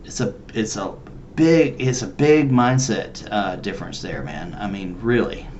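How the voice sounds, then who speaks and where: A man from Texas chatting casually as a reaction-video co-host, telling a story in a relaxed way and trailing off quietly at the ends of phrases. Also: lowish voice, unhurried, highs cut off, a little hiss or hum.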